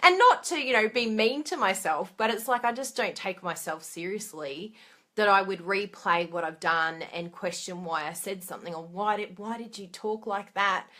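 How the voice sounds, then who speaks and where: A woman's voice: mid-range voice, moderate pace, fairly bright tone. A woman giving a casual motivational talk to camera, chatty and encouraging, laughing at herself and asking her listeners questions. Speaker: trainer for craft product demonstrators.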